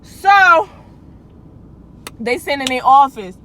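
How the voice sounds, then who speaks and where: A young woman with a high voice tells a casual storytime for her channel. She talks in a loose, slangy way, restarting lines and turning to her viewers with asides. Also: lively intonation, slow, pushed and bright, slight background noise, low-quality recording. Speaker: vlogger.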